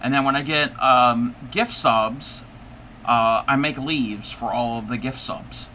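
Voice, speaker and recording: A man hosts a casual live stream, thinking aloud and chatting playfully with viewers while he crafts. His medium-pitched voice is slow with a sharp tone, and a little hiss or hum sits in the audio.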